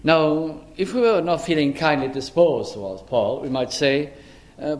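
A man preaching an expository sermon in a measured, earnest way, often pausing with "uh" as he works through a passage. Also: a little high.

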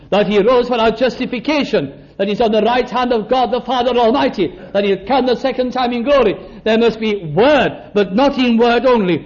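An older man preaching a sermon, slowing down to stress key words and acting out small exchanges. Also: high-pitched, darkish tone. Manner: slows down for emphasis, acts out little dialogues. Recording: dull lo-fi recording.

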